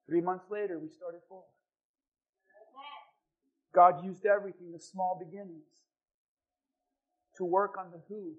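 A male pastor with a high voice delivers a sermon to his congregation. He tells stories with animated energy and acts out the voices of the people in them. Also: a little slow, pauses often, phone-quality sound. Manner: animated storytelling, acting out quoted voices. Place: church.

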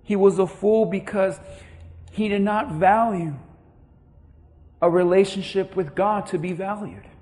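High-voiced pastor preaching dramatically. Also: male voice, steady tone, measured pace, pauses often. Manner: preaching with dramatic swings in loudness and acted-out quotes. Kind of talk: sermon.

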